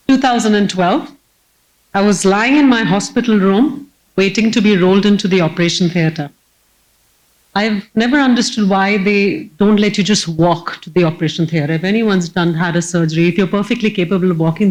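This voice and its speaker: A woman, giving a humorous personal storytelling talk as keynote speaker on stage before a live audience, lively and self-mocking. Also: medium pitch, poor audio.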